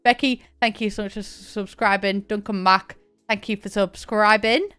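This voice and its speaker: A woman's voice: mid-range voice, fairly even intonation, moderate pace, a bit bright, smooth, soft background music. A young woman chatting casually on a live stream, thanking viewers by name and laughing often. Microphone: desk mic, camera on.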